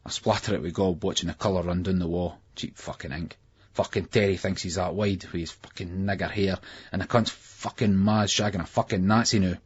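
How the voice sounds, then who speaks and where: A man narrating a first-person novel in a raw, gritty way, with a husky voice. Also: sits low, steady tone, brisk. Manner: gritty, raw delivery with heavy swearing. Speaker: audiobook narrator. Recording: muffled lo-fi audiobook recording.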